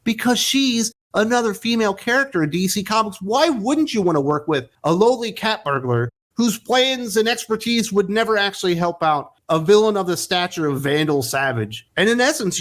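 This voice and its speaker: A man reviewing comic books in a casual commentary, sarcastic and profane, ranting with mocking jumps in emphasis. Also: high-pitched.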